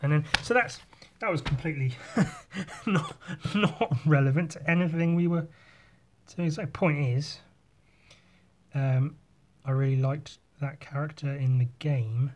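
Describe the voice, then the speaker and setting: A man in casual chat while drawing, rambling through a story and swearing often. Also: fairly high pitch. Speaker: artist.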